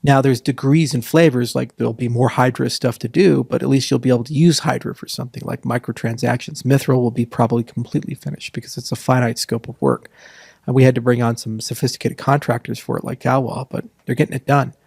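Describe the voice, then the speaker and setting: A man's voice: medium pitch, steady tone, quick pace, gravelly, a little mellow, husky, dry recording, studio quality. A man talking as an interview guest, rambling through long answers and listing points, with sarcastic asides. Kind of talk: casual interview talk.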